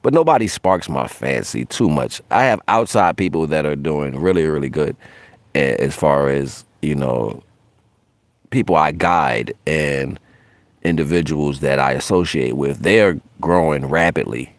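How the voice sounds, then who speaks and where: A man's voice: rumbling low, measured pace, dry recording. A man hosting a spiritual livestream in a brash, profane, casual way, laughing often.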